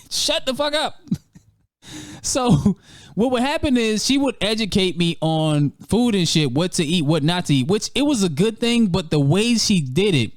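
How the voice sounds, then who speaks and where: A man tells a story in a casual, profane way over gameplay. His pitch is a little high and swings widely from line to line. The sound is dry and close. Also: moderate pace, hardly any pauses, no echo. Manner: animated, profane, laughing often. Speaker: gaming channel host.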